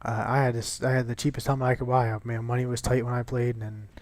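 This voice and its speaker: A man's voice: medium pitch, little pitch movement, quick pace, darkish tone, no echo. A young man chatting casually over gameplay, rambling and swearing with lots of restarts. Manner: rambling and profane, many restarts.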